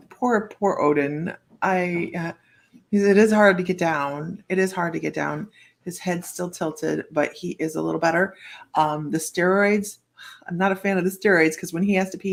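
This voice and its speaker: Gravelly-voiced woman hosting a chatty stream. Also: lowish voice. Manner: rambling and chatty, greeting viewers by name. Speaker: psychic reader hosting a live stream. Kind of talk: casual live-stream chat.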